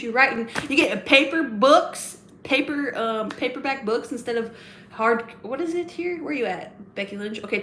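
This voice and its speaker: Greeting viewers in her chat, a woman runs a relaxed live stream in a fairly high, fairly bright voice, rambling with many fillers and restarts. The audio is roomy, with a little hiss or hum.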